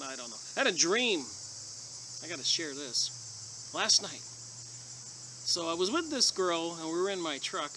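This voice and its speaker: A man's voice: fairly high pitch, pushed and bright, a little hiss or hum, low-quality recording. A man telling a rambling, earnest story in a casual monologue, then reading aloud from a book he is reviewing.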